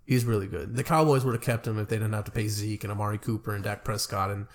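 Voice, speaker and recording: A man's voice: lowish voice, fairly even intonation, quick pace. A young man co-hosting a casual sports podcast, rambling loosely and joking with friends. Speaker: podcast co-host.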